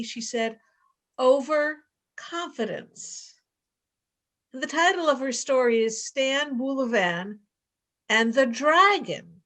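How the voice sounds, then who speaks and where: A woman hosting a storytelling event, introducing the next teller in a measured way. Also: on the high side, a bit bright. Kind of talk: introducing performers.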